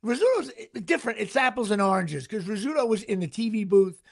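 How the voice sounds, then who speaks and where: Gravelly high-voiced New man. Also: fast. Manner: rambling, excitable, stumbles and restarts. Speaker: podcast host. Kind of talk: casual sports chat.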